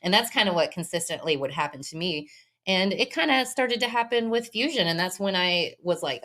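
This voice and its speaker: A woman's voice: fairly low pitch, expressive, moderate pace, fairly bright tone. A woman from Texas, a podcast guest and business owner, talking candidly and bluntly in a casual interview and acting out other people's remarks. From Texas, USA.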